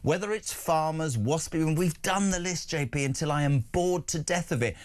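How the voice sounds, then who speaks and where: A man's voice: a little high, normal speed. A man hosting a breakfast talk radio show, talking in an indignant, mocking way. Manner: indignant, animated, mocking impressions. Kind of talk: opinionated talk radio chat.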